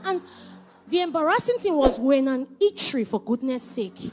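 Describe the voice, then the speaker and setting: Woman in her thirties, faith-based marriage teacher, high, animated and repetitive delivery, faint music behind. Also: normal speed. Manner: animated storytelling, repetitive emphatic phrasing.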